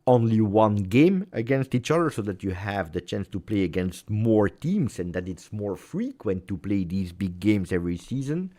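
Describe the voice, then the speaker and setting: A middle-aged man with an Italian accent hosts a casual football livestream. His voice sits low, and he talks in an animated way, repeating phrases for emphasis. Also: normal speed, few pauses. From Italy. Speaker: football channel host. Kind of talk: casual livestream chat with viewers.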